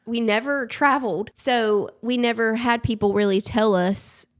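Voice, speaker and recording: A young woman from Alabama with a Southern accent, telling stories as a podcast guest in an animated, giggly way, often acting out quotes. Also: fairly high pitch, a little slow. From Alabama, USA. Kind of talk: casual storytelling chat.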